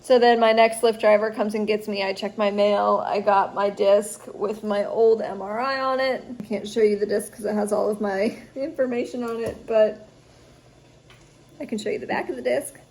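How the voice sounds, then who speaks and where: A woman's voice: medium pitch, fairly even intonation, normal speed, a little mellow. Tired young woman rambling through a vlog. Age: young adult. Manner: rambling, chatty, fillers like "like". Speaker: student vlogger. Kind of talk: casual storytime vlog.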